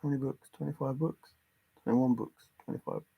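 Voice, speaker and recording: A man's voice: mid-range voice, steady tone, brisk, creaky, breathy edge, lo-fi sound. A man hosting a casual livestream, talking earnestly and insistently about religion and reading viewer comments aloud. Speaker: livestream host.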